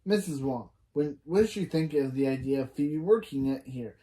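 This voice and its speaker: In a mellow mid-range voice with lively intonation and normal speed, a reaction reviewer casually recaps a TV episode. Each scene is retold line by line, and they keep stopping to correct themselves and add what they personally think.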